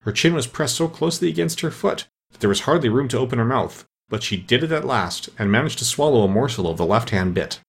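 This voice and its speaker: A man narrating a storybook aloud. His reading is lively and expressive, with wide swings of pitch. A gravelly grain runs through his voice. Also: fast talker, few pauses.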